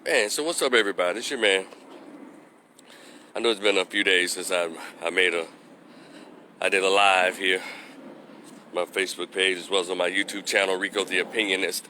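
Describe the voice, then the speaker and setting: A man's voice: low voice, steady tone, brisk, pauses often, pushed and bright, a little hiss or hum. A man doing a casual live vlog outdoors, talking into a phone while getting over a cold, rambling and losing his train of thought. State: recovering from a cold, slightly stuffy. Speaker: vlogger giving opinions. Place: outdoors walking past a construction site.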